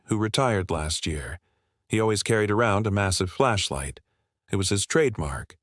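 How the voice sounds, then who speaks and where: A man narrating a scripted first-person horror story in a measured, even delivery. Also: fairly low pitch, no echo, clean studio sound.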